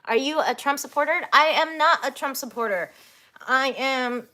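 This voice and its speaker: A woman's voice: high voice, moderate pace, pushed and bright. Chatty, giggly woman streamer. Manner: chatty and giggly, reads comments aloud, casual swearing. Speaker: livestreamer reading chat. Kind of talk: casual livestream chat.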